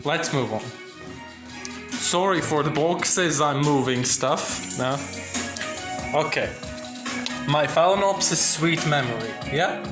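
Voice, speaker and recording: Over music, a young man with a fairly high voice speaks slowly, leaving long pauses, as he presents his orchids in a casual home vlog. Surrounded by plants and boxes indoors, he rambles through many restarts and frequently asks "yeah?"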